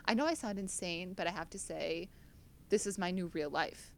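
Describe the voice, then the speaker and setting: A young American woman co-hosts a podcast, chatting casually at a moderate pace in a voice on the low side. She's chatty and self-deprecating, laughing at herself often.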